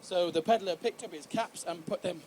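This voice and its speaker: A man's voice: high-pitched, a little fast, darkish tone, a little hiss or hum. A young man reading a picture book aloud to children, cheerful and chiming in with jokey asides. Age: young adult. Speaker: guest reader at a children's event.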